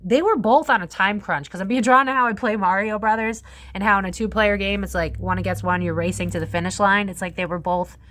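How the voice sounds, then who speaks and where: A woman's voice: mid-range voice, fairly quick, a bit bright. A woman giving a casual psychic tarot reading, rambling and swearing freely, with frequent laughs. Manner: profane, rambling, laughs often.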